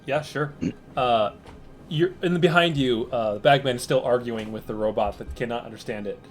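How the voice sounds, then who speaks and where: A man narrating as game master in a relaxed way, with loose fillers and chuckles. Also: mid-range voice, normal speed, faint music behind.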